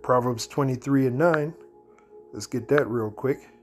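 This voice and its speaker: A man giving a blunt, slangy preaching commentary, reading scripture verses slowly between remarks. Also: mid-range voice, soft background music. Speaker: Bible teacher.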